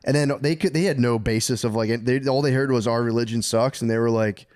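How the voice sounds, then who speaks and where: A man's voice: medium pitch, fairly even intonation, brisk, a little mellow. A man co-hosting a comedy podcast, retelling a story in a laid-back, profane, rambling way. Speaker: podcast co-host.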